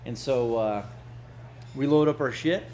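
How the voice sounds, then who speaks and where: A man's voice: medium pitch, unhurried, a little mellow, a little hiss or hum. Laughing, cursing man from Arizona telling stories. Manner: laughing, profane, rambling with restarts. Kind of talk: casual storytelling. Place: birthday gathering.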